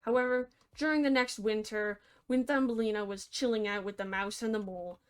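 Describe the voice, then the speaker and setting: A woman's voice: mid-range voice, fairly even intonation, a little fast, clear, resonant tone. A young woman narrating a fairy tale with comedy, sarcastic and playful, slipping in mock-cheerful asides. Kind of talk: comedic storytelling over a game video.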